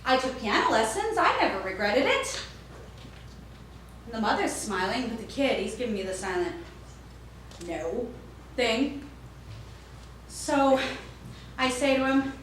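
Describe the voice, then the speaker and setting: Here a woman performs a staged monologue as a store clerk, animatedly voicing each character herself. She speaks in a fairly high register, unhurried, leaving long pauses. Echo, distance and a faint hiss color the audio.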